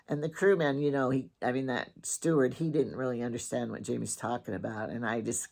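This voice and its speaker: Speaking in a rumbling low, steady tone, a woman from Wyoming runs through a casual storytelling monologue on her own morning show. She talks fairly quickly with barely any pauses, her voice creaky and a little mellow, as she teases and rambles on about her husband.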